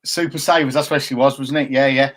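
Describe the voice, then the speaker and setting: A man's voice: medium pitch, steady tone, brisk, fairly bright tone. A man in his fifties co-hosting a casual live chat show, chatty and jokey as he reads out viewer comments. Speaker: co-host.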